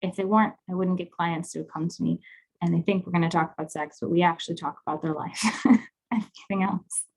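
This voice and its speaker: A woman's voice: lowish voice, steady tone, fast talker, creaky, a little mellow, low-quality recording. A woman leading an intimacy class from home, talking frankly and casually. She laughs easily as she explains and guides the listeners through breathing. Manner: candid, laughing, conversational. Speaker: sex and intimacy coach.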